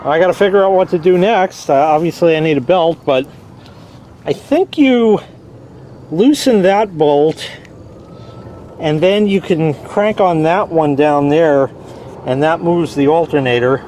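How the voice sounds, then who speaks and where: A man with a rather high voice talks casually and wryly, rambling with the odd mild curse. He is outdoors next to a parked car, filming himself. Faint outdoor hum sits behind him. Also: unhurried, long pauses, dark tone. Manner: rambling, wry, swears lightly. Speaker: car owner vlogging a repair. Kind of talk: casual vlog.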